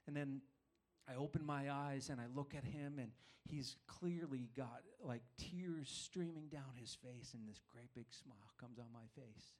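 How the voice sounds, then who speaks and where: A man's voice: mid-range voice, unhurried, a little mellow. A man preaching a sermon, telling a personal story in a self-deprecating way, with frequent restarts. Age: adult father of young children.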